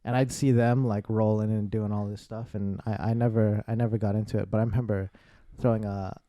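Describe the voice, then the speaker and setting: A man in his thirties hosting a podcast, telling stories in a relaxed, laid-back way and swearing casually. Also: fairly low pitch, fairly quick, highs cut off. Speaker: podcast host. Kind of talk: casual chat, storytelling.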